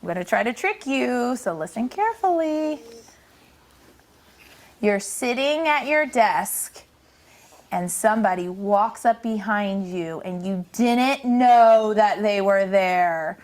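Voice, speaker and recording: A woman teaching a vocabulary lesson to young children, slow and animated in a sing-song teacher voice. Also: mid-range voice. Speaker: kindergarten teacher.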